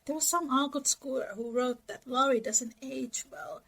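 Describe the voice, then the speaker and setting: High-voiced woman discussing a novel. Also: moderate pace, gravelly, a bit bright, poor audio. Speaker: podcast co-host. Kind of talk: casual book discussion.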